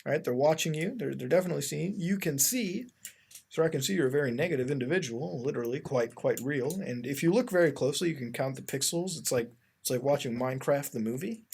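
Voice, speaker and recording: Male online host with a somewhat high voice, rambling and exasperated commentary, heavy on fillers, talks straight to the audience. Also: fast talker, vocal fry, breathy edge. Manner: addresses the audience as ladies and gentlemen. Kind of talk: casual web-browsing commentary.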